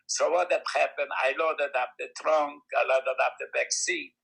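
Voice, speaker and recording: A man in his nineties telling a story in casual talk, with broken English grammar and lively acted-out voices, heard over a video call. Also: fairly high pitch, moderate pace, creaky, husky, poor audio. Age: 90s. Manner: animated, acts out quoted voices; non-native English grammar. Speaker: guest storyteller.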